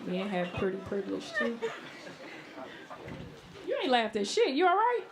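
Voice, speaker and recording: A woman doing a brash, animated stand-up set in a live club, laughing at her own jokes. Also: mid-range voice, normal speed, crowd noise. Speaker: stand-up comedian. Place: live comedy club, New York. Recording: loud noise on a live club recording.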